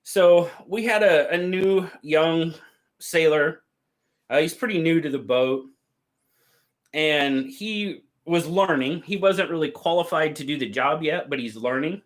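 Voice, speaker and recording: A man hosting a livestream, telling stories in a casual, drawn-out way and reading out chat. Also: a little high. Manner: drawn-out, easygoing storytelling with quoted voices. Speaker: livestream host. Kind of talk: casual storytelling to live chat.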